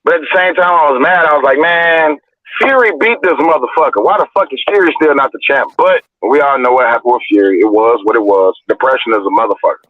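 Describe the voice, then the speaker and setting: A young adult man telling profane, animated stories in a casual chat as a livestream host. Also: mid-range voice, fast, no echo. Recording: dry, tinny phone-like audio.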